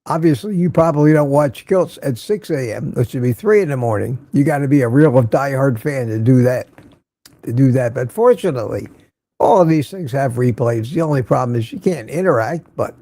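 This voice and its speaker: A man's voice: mid-range voice, expressive, moderate pace, dark tone, dry recording. An older man hosting a casual morning livestream, chatting and greeting viewers by name as he reads their comments. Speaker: livestream host.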